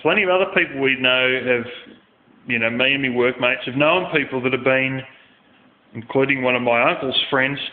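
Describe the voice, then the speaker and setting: A man's voice: mid-range voice, normal speed. An Australian man telling a rambling story bluntly, with lots of swearing. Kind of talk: casual storytelling rant. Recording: tinny phone-like sound in an echoey room.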